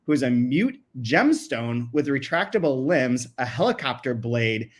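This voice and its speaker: A man's voice: mid-range voice, very animated, unhurried. A man co-hosting a podcast in casual chat, reading quotes aloud and often laughing mid-sentence. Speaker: podcast co-host.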